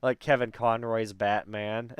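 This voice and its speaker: Chatty guy hosting a casual talk, smooth voice, lots of ums and laughs. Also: on the low side, steady tone, measured pace, no echo, highs cut off. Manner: chatty, laughs often, many fillers. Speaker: host. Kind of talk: casual chat.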